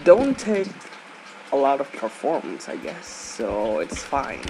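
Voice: medium pitch, wildly swooping pitch, slow pace. Laid-back gamer commenting on a match. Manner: playful, swears, laughs often. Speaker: gaming video host. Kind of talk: casual gameplay commentary. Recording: loud game noise behind.

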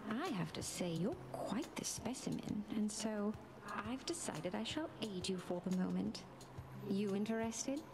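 A woman's voice: medium pitch, lively intonation, unhurried, noisy background. A woman voicing a flirtatious, teasing goddess of love in a video game, purring her words. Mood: flirty.

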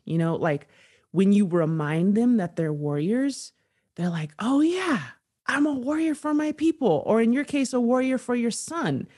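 A woman, a guest author, talking candidly in a podcast conversation with earnest, animated storytelling. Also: lowish voice.

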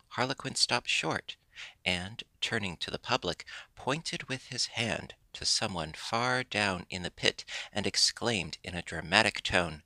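A man reading a classic children's story aloud in a measured, even storybook narration. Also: sits low, dry recording. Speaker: audiobook narrator.

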